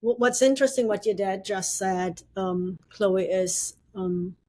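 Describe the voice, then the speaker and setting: A woman co-hosting a podcast, speaking thoughtfully and in a measured way, with frequent pauses. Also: medium pitch, mellow, no room sound. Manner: thoughtful, measured, with many ums. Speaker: podcast co-host. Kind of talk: reflective podcast conversation.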